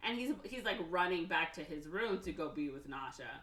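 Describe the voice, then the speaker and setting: A woman podcast host casually retelling a film's plot, slipping into quick voices for each character. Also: sits low, expressive, a bit bright. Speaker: podcast host recapping a film. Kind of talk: casual chat. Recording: echoey room, somewhat far from mic.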